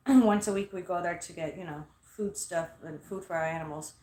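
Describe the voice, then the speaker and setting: A woman casually telling a story, animated and profane, quoting herself loudly. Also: lowish voice, normal speed, echoey room.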